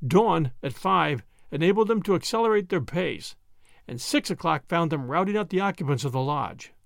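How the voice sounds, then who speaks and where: A man reading an audiobook aloud with lively, swinging intonation. His voice sits high and carries a gravelly rasp. The recording is dry and close. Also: a little fast, no room sound. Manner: animated reading. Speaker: narrator. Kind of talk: audiobook narration.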